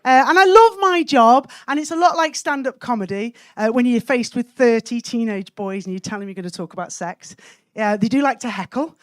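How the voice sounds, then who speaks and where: A woman from Wales performing a cheeky stand-up set, landing punchlines deadpan on a comedy club stage. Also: on the high side, a little fast, dry recording.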